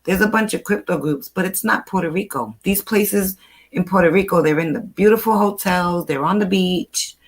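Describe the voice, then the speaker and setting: A woman's voice: lowish voice, normal speed, husky. Chatty older New woman. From New York. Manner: chatty, animated storyteller. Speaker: host. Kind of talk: casual chat.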